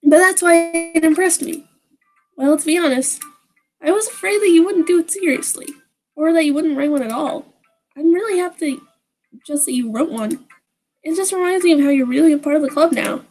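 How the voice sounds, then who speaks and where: A woman's voice: high voice, fairly quick, a little mellow, pitched above the performer's own voice, lightly acted, low-quality recording. A woman voicing an upbeat teen girl club president who gives cheerful advice. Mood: warm.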